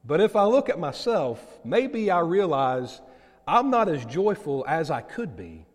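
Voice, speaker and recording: A male pastor preaching a sermon to his congregation, telling stories with lively delivery. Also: high-pitched, in a large hall. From United States. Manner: animated storytelling preacher.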